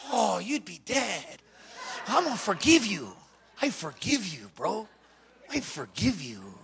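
A man's voice: sits high, wildly swooping pitch, extremely slow, pushed and bright, a little hiss or hum, heavily acted. Man putting on a tough young ex-gangbanger. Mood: strained. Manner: strained, holding back anger. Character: tough young male ex-gangbanger, barely holding back.

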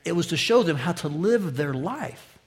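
A man with a fairly high voice preaching an expository sermon. He talks straight to his listeners, asking them questions. His delivery swings from loud to quiet for emphasis. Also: animated, normal speed. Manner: addresses listeners directly with questions. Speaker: pastor.

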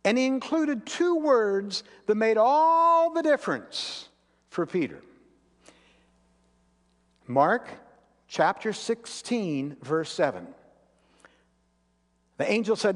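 A man preaching a sermon as pastor, earnest and storytelling, sometimes dropping to quiet intensity. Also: sits high, very animated, slow, pauses often. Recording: long reverb of a large hall.

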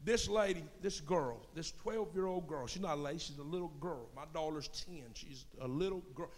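A middle-aged man preaching a sermon as pastor in a church, swinging from quiet murmurs to loud shouts. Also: a little high, moderate pace, in a large hall. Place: church sanctuary.

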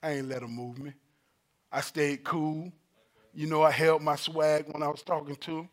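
Delivering a sermon at a normal speed, a man with a slightly high voice tells a personal story. He's animated, laughing as he goes and acting out the quotes.

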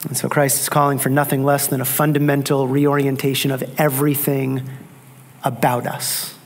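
A man's voice: mid-range voice, level tone, moderate pace. A man preaching a sermon, emphatic, repeating key phrases and asking rhetorical questions. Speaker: pastor.

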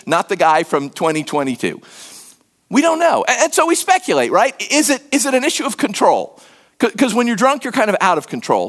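A man's voice: high-pitched, a bit bright. A middle-aged American man preaching a conversational sermon as a pastor, with self-deprecating humor. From United States.

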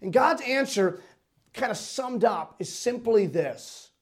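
High-voiced male pastor, earnest preacher who shifts between loud and quiet. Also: expressive, slow pace. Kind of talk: sermon.

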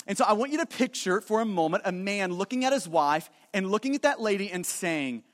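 A man's voice: high-pitched, expressive, quick pace, big-room sound. A man preaching a sermon as pastor, emphatic and repetitive, often restarting his phrases.

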